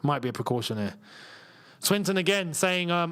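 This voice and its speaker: A man's voice: high-pitched, animated, moderate pace, a bit bright, smooth. A young man hosting a live football watchalong, chatting casually, laughing often and reading viewer comments aloud.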